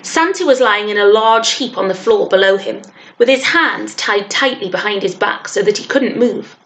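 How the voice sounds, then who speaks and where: A woman teacher reading a children's novel aloud with expressive storytelling. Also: mid-range voice, moderate pace.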